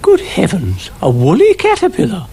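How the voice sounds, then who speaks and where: Grand ladylike cow, high and airy, British, says dear a lot, man putting her on. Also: huge pitch swings, normal speed, mellow, slightly rough, exaggerated voice. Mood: genteel. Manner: genteel, calls everyone dear. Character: genteel vain female cow, motherly and grand.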